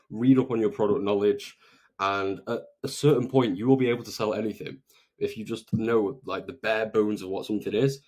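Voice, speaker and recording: Energetic man coaching sales. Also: on the low side. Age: 20s. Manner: energetic, emphatic, often tags "okay?". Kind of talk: motivational talk to camera.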